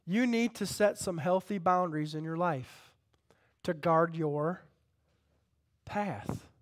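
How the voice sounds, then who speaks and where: A man preaching a sermon, impassioned, dropping to a hush and then rising loud as he calls out to the congregation. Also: high-pitched. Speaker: pastor.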